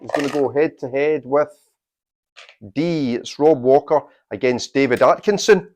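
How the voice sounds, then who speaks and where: A man, hosting a quiz and announcing its tournament draw in a deliberate, unhurried way with dry asides. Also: mid-range voice, darkish tone. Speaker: quiz host.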